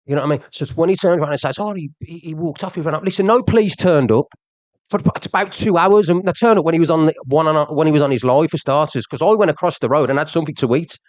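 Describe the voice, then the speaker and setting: A man's voice: fairly high pitch, fast, no echo. A man ranting on a livestream, confrontational and repetitive, talking straight at his viewers. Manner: confrontational, repeats himself, addresses the viewer directly. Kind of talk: heated livestream rant.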